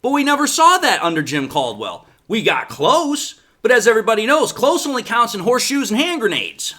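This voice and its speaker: Animated, bright-voiced sports talk man. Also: very high-pitched, a little fast. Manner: sarcastic, animated, rhetorical questions. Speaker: sports podcast host. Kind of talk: opinionated sports commentary.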